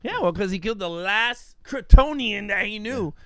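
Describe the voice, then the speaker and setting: Bright, excitable man co-hosting a podcast. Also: high voice, normal speed, dry recording. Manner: excitable, reads chat comments aloud. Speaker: podcast co-host. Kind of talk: casual chat.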